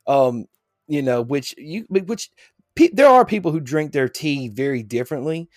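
A man's voice: fairly high pitch, animated, moderate pace, a little mellow, no room sound, clean studio sound. A man hosting a podcast, chatting casually and joking in a rambling way. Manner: rambling, joking, lots of fillers. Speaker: podcast host. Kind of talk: casual chat.

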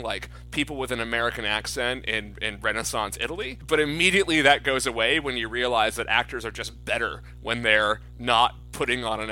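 A man's voice: mid-range voice, pushed and bright, poor audio. A man co-hosting a movie podcast, explaining his views in an opinionated way. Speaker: podcast co-host. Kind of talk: casual movie review chat.

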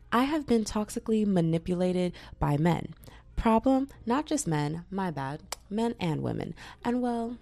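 A woman's voice: sits low, vocal fry, warm tone. A young woman hosting a podcast from her bedroom, chatting casually with slangy, playful asides. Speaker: podcast host. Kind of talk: casual chat.

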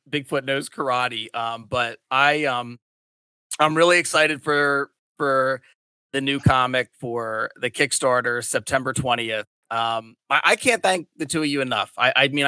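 Middle-aged man hosting, forceful. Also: medium pitch, dry recording. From Delaware County, Pennsylvania. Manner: rambling, frequent restarts and fillers. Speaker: podcast host. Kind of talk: casual chat.

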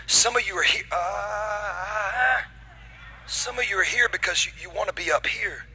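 A man preaching from the stage of a church auditorium, his voice pitched high and very bright and cutting. He swings between quiet, intimate points and shouted, rising climaxes, with faint noise underneath. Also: unhurried, poor audio. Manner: playful banter with the congregation. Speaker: pastor. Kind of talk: sermon.

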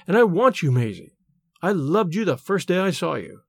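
A man's voice: high-pitched, big pitch swings, moderate pace, creaky, husky, dry recording, clean studio sound, full character voice. A man reading aloud, voicing an earnest young male suitor who pleads tenderly. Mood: pleading.

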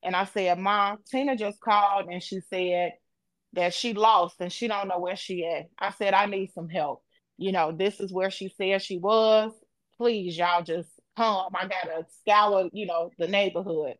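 A woman tells a tense personal story at a middle pitch. She talks in a vivid, emotional, casual way and swears now and then. The sound is dry and close. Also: fairly even intonation, unhurried, no echo. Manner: emotional, vivid retelling with profanity. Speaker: podcast co-host.

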